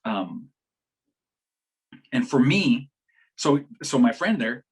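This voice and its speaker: In an online community forum session, a male health educator tells a story during a conversational health talk, repeating words, restarting and quoting what others said. His mid-range voice is husky and very animated but slow, and the recording quality is low.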